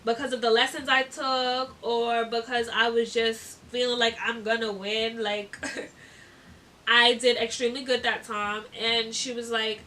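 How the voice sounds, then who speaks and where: A young woman chats through a story in a bright, high voice, giggling and leaning on fillers. She is recorded from a little distance, with faint noise behind her. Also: level tone, measured pace. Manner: chatty, giggly, lots of fillers. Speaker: vlogger. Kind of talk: casual storytime.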